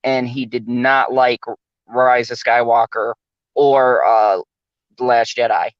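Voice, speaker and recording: A man's voice: medium pitch, fairly even intonation, slow, dry recording, lo-fi sound. A man hosting his channel in casual podcast chat, rambling with fillers and laughing often. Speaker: channel host.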